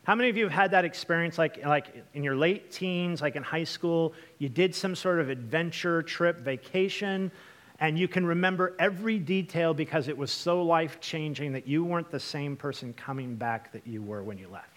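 Young pastor guy telling a story in a sermon, slightly high voice, lots of likes and ums, talks right to the crowd. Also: normal speed. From Washington state, USA. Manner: chatty, lively, many fillers and asides to the congregation.

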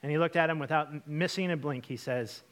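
A young man from Washington state preaching a storytelling sermon, chatty and lively, with lots of fillers and asides to the congregation. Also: on the high side, fast. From Washington state, USA. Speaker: pastor.

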